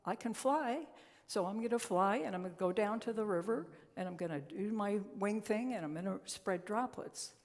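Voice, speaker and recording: A woman's voice: medium pitch, moderate pace, lightly acted. A woman voicing a small, brave parrot who is fighting a forest fire and pleading for help. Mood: determined. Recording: long reverb in a large hall.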